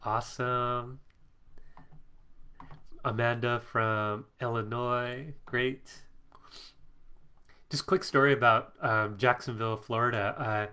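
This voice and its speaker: Middle-aged male host at his home desk, a bit congested; casual, chatty, bright, laughs easily. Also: mid-range voice, steady tone, slow, long pauses, smooth. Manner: chatty, reads out viewer comments, laughs often. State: congested from allergies. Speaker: psychic coach hosting a live stream. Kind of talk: casual live-stream chat. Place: home office.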